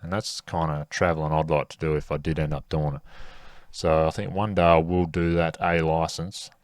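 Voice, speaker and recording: A man's voice: very deep voice, level tone, normal speed, clean tone, no room sound, clean studio sound. A young man hosting a podcast, talking casually and rambling with lots of fillers. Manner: rambling, laid-back, many fillers. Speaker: podcast host. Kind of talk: casual solo podcast chat.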